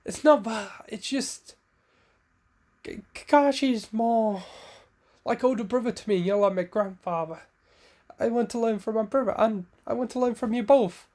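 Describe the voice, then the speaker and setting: Brief: eager boy ninja, earnest, slightly raised pitch, voiced by a male storyteller. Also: moderate pace, darkish tone, lightly acted.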